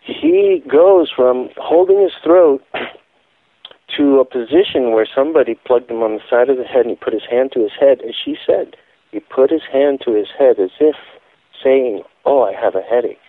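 A man's voice: medium pitch, moderate pace, dry recording. A man giving a phone-in radio interview, telling his account in an emphatic, insistent way. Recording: tinny phone line, dry.

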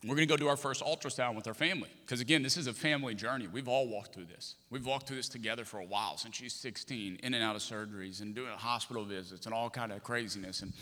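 A man preaching from the pulpit, telling a personal story with animated, impassioned bursts. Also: mid-range voice, fast talker, few pauses. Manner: impassioned, animated retelling with sudden loud outbursts. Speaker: pastor. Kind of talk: sermon storytelling. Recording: long hall reverb.

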